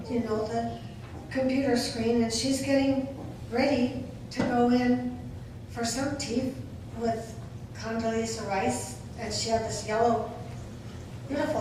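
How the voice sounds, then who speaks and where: Older woman, eulogy speaker, slightly high voice, distant mic in a big echoing hall with noise. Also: level tone, measured pace. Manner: warm storytelling with fond laughs. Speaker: memorial speaker. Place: memorial service hall. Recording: echoey hall from far off, noisy.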